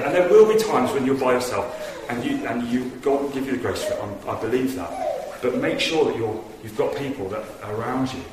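Speaking at a medium pitch, this man moves briskly through his sermon with hardly any pauses, animated and earnest as he tells stories in a church hall. He's a preacher, captured from a distance in an echoey, noisy space.

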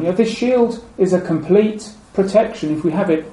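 A man preaching a sermon. He is measured and repeats key phrases, and his voice drops low and soft at the ends of phrases. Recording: echoey room with faint ambient noise.

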